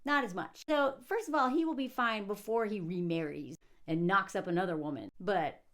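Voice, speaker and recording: A young woman giving casual, sarcastic commentary on a film, animated and acting out quotes. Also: medium pitch, normal speed. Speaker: movie commentator.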